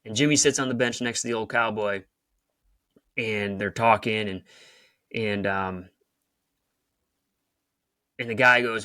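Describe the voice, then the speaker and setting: Guy on his podcast, lowish bright voice, dry close mic, rambly coaching talk. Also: fairly even intonation, a little fast, pauses often, no echo. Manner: rambling, restarts, retells scenes with emphasis. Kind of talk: casual motivational talk.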